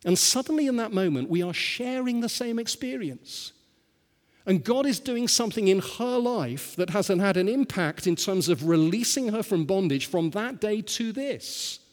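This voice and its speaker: A man's voice: sits high, lively intonation, normal speed. A male pastor preaching a sermon and telling stories, often asking the listeners rhetorical questions. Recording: long hall reverb.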